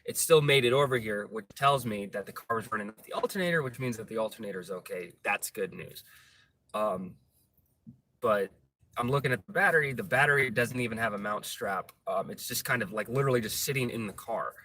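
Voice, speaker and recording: A man's voice: fairly low pitch, brisk. A man chatting casually and profanely while driving, rambling and then ranting. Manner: rambling, profane, gets ranty. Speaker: vlogger. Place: inside a moving car. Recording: distant mic with loud road noise.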